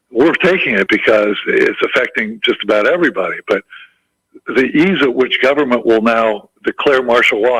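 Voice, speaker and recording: A man's voice: medium pitch, fairly bright tone, breathy edge, dry recording, low-quality recording. A man calling in to a talk radio show, speaking casually with frequent stumbling restarts. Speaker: caller. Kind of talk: casual call-in chat.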